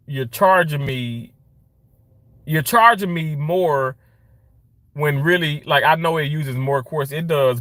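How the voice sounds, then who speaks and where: A man's voice: a little high, bright, forceful tone, no room sound. A man ranting in a casual vlog from his car, frustrated and swearing as he rambles. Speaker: vlogger.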